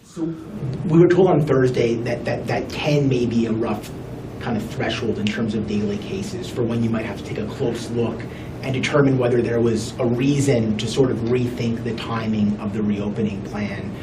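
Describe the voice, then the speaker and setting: A man, a reporter, asking a probing question at a press briefing. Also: moderate pace. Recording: echoey room from far off with rumble.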